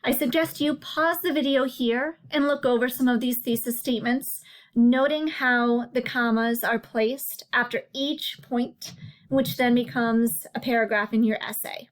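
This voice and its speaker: A woman narrating a slide lesson as a writing tutor, explaining patiently and slowing down to stress each example. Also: a little high, steady tone. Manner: clear, patient explaining with slow emphasis on examples.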